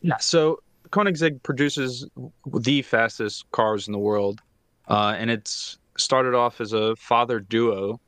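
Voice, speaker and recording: A man's voice: mid-range voice, slow, a bit bright, clear, resonant tone, dry recording. A man co-hosting a podcast, explaining at length with many fillers in casual chat. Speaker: podcast co-host.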